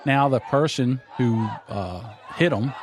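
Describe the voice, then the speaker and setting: A man's voice: mid-range voice, animated, slow, background noise. A man hosting a casual podcast chat, joking and teasing, often breaking into laughs. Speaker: podcast host.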